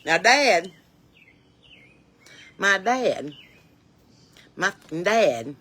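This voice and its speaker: A woman's voice: mid-range voice, very animated, very slow, fairly bright tone, breathy edge. A woman giving a chatty, folksy, rambling comic monologue to camera, outdoors on her porch. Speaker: comedian and musician.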